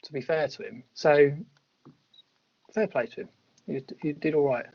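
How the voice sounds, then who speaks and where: A man's voice: on the high side, normal speed. A man co-hosting a casual film review podcast, easygoing and agreeable. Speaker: podcast co-host. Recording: lo-fi podcast audio.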